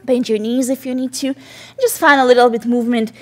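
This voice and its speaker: A woman leading a mother-and-baby yoga class, giving gentle, encouraging cues and cooing to her baby between poses. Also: on the high side, fairly even intonation, brisk. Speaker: yoga instructor. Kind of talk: guided yoga class instruction.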